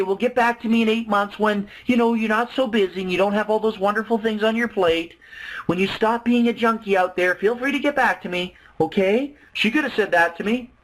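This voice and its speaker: A man with a high, bright voice pitches a business plan over a webinar microphone. He talks with loud, excited emphasis and keeps swinging into little acted-out dialogues. His energy stays high and insistent throughout. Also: poor audio. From Canada. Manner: excited, emphatic, acts out both sides of dialogues. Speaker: network marketing presenter on a webinar. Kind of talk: animated sales pitch to a webinar.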